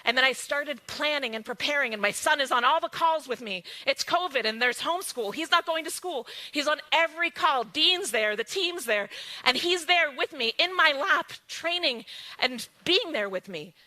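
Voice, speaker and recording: A woman giving an emphatic motivational testimony, swinging from hushed lines to exclaiming ones. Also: high voice, animated, moderate pace. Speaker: guest speaker sharing her story.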